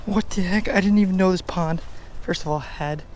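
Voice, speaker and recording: A young man from Delaware filming his own fishing trip, exclaiming and chatting excitedly beside a pond. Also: high-pitched, moderate pace, a little hiss or hum. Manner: excitable, exclaiming, mild slang. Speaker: fishing vlogger. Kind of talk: excited casual vlog commentary. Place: outdoors by a pond.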